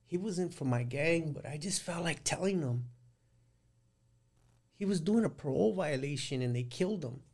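A man's voice: fairly high pitch, expressive, normal speed, pauses often, darkish tone. A middle-aged man recounting his life in a casual interview, plain-spoken and rambling, with many restarts. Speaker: guest recounting prison life.

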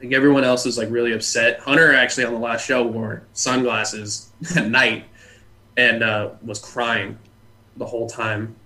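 Young guy from california, bright voice, jokey rambling stories on a podcast. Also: mid-range voice, flat delivery, moderate pace. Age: young adult. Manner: rambling, joking storyteller. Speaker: podcast guest, former haunt scare actor. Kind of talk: casual podcast interview.

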